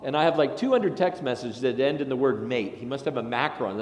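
A man, a pastor, delivering a sermon in a chatty, anecdotal way with lively asides. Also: mid-range voice, fairly quick, a little hiss or hum. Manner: conversational and anecdotal, with animated asides. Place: large church sanctuary. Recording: echoey sanctuary with long reverb.

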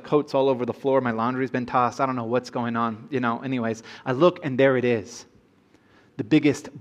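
Higher-voiced man preaching a sermon. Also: fairly bright tone. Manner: playful, joking asides to the congregation. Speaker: pastor. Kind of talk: sermon with scripture reading and personal storytelling.

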